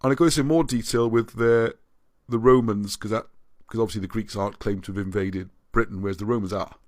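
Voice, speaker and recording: A man's voice: lowish voice, fairly even intonation, fast, no echo. A man hosting a livestream and reading out viewer comments, rambling and often restarting his sentences. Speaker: livestream host.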